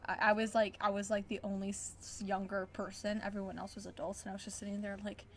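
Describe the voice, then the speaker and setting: A young woman who works in retail, telling an animated, ranting story in casual chat. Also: medium pitch, fast talker, a little hiss or hum. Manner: animated ranting storyteller, quotes people in character. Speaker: retail worker.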